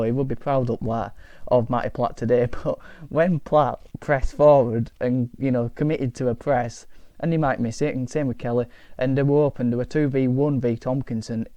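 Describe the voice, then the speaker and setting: A man's voice: medium pitch, mellow, no room sound. A man from the north of England hosting a casual football reaction vlog, rambling and repeating words as he talks. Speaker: football fan channel host.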